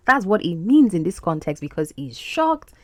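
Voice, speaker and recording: A woman hosting an English lesson podcast, breaking down words from film scenes. Her lower voice moves up and down in an animated way, and she repeats key words slowly so learners catch the sounds. The recording is dry and close. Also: no room sound. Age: adult. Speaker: podcast host and English teacher.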